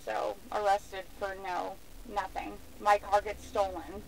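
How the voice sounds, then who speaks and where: A young woman being arrested, pleading, shouting and crying erratically, recorded on a police bodycam. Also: mid-range voice, little pitch movement, slow pace, vocal fry, poor audio. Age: young adult. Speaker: arrested driver. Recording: loud vehicle noise on a bodycam.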